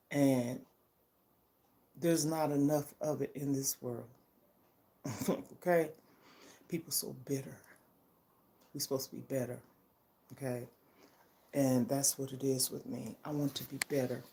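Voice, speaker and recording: Older lady chatting on her vlog, low mellow voice, real earnest, keeps asking okay?. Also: fairly even intonation, takes it slowly, gravelly, long pauses. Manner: emphatic and heartfelt, keeps checking in with "okay?". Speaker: vlogger. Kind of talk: casual personal vlog chat.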